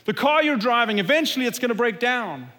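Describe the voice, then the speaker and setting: A man delivers an earnest, emphatic sermon in a high-pitched voice. He often drops low and quiet to drive a point home. His words ring out with the long reverb of a large hall. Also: lively intonation, fairly quick. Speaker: pastor.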